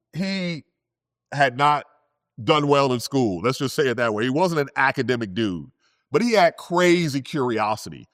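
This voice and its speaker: A man, a physicist, telling science stories in a relaxed, conversational way, often adding "you know" and "right?". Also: mid-range voice, no room sound, studio quality. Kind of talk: storytelling science talk.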